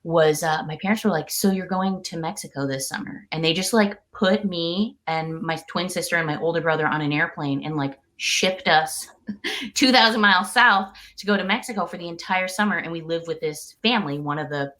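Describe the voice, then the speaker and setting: A woman's voice: fairly low pitch, moderate pace, a bit bright. A woman guest on a podcast, telling a personal story in a chatty, casual way, with lots of "like" and "um". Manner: chatty, many fillers like "like" and "um". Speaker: interview guest.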